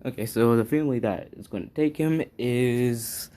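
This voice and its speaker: A man's voice: medium pitch, normal speed, mellow. A man improvising a fan story aloud, rambling and hesitant as he thinks it up.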